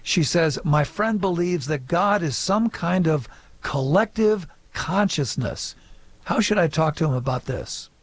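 A male radio host reading listener emails and wrapping up the show in a friendly, brisk way. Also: fairly high pitch, animated. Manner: friendly and brisk, with short affirmations.

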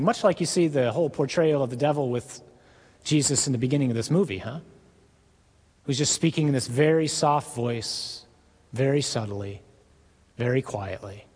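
A man preaching, earnest and emphatic, with dramatic pauses. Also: fairly high pitch. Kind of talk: sermon-style talk. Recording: long hall reverb.

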